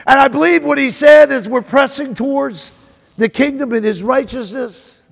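A man's voice: extremely high pitch, normal speed, gravelly, long reverb tail. A man preaching a sermon, emphatic and repetitive, calling out to the congregation.

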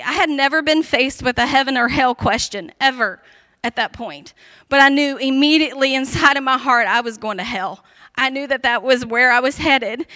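A woman with a high, sharp-edged voice tells her personal testimony. She speaks earnestly and emphatically, often with "like". The recording is dry and close. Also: no echo. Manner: earnest, emphatic storytelling with frequent "like" and laughs.

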